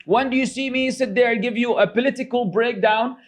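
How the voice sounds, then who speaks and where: A strikingly high-voiced middle-aged man gives an informal religious lecture. He scolds and mocks, and his delivery is loose and chatty, full of fillers. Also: brisk. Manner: sarcastic, scolding, mocks critics in quoted voices. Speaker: religious teacher.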